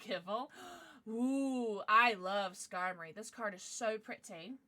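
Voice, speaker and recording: A woman's voice: mid-range voice, slow, sharp tone, no room sound. A young adult woman streaming, chatting casually with viewers in a bubbly way, gasping and squealing as she reacts. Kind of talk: casual livestream chat.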